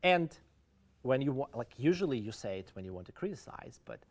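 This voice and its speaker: A man's voice: mid-range voice, sing-song, brisk. Man, Ukrainian accent, English teacher, online lecture, addresses the chat. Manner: explains idioms, switching between English and Russian.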